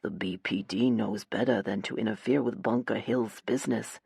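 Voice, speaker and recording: A woman's voice: a bass voice, lively intonation, moderate pace, darkish tone, no echo, clean studio sound, pitched below the performer's own voice. A woman voicing a cruel, crude male gangster who threatens his captive in an audiobook. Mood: menacing. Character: menacing male gangster kidnapper, cruel and taunting. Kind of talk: audiobook character voice.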